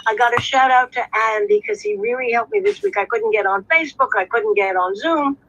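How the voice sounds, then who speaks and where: Woman on a zoom call, rambly and self-deprecating, raspy voice, muffled lo-fi sound. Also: sits high, big pitch swings, fairly quick, a bit bright, dry recording. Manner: chatty, self-mocking, rambling with fillers. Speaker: guest writer and actor. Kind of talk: casual video call chat.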